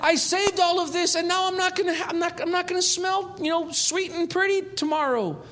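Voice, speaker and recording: A preacher voicing a woman fretting over her costly perfume in a high, fussy whine. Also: steady tone, fairly quick, fairly bright tone.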